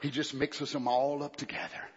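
A man delivers a fiery sermon, sinking to low murmurs and building to shouted climaxes punctuated by calls of amen. It was recorded in an echoey church hall on dull, lo-fi audio, and he speaks at a moderate pace with little pitch movement.

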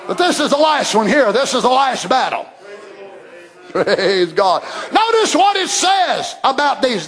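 A man preaching a fiery sermon who swings from shouted climaxes to hushed near-whispers and reads scripture in old-fashioned wording. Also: very high-pitched, animated, normal speed.

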